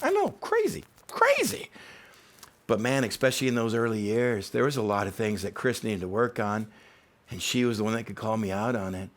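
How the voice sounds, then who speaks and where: A man's voice: on the low side, fairly even intonation, fairly quick. A man, a teaching pastor, giving a sermon in a conversational, humorous preaching style. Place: church.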